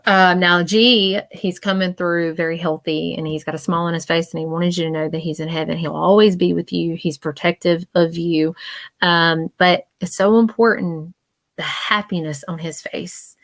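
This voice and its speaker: A woman's voice: fairly low pitch, steady tone, normal speed, no echo. A woman giving a live-stream psychic reading in an earnest, reassuring, repetitive way, and she gets emotional as she talks. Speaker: psychic medium.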